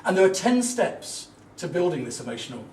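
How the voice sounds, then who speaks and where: A middle-aged man delivers a motivational business talk with a fairly high voice, full of earnest, emphatic storytelling. He is heard from a little way off in an echoey hall, with faint room ambience behind him. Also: big pitch swings, fairly quick, darkish tone, distant mic, a little hiss or hum. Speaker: business speaker.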